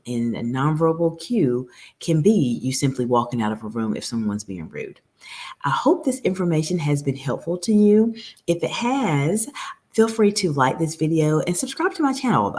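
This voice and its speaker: Deep-voiced lady coach talking to camera, earnest, calls everyone ladies. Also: a little mellow. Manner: earnest, advisory, addresses viewers as ladies. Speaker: communication coach. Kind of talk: direct-to-camera coaching talk.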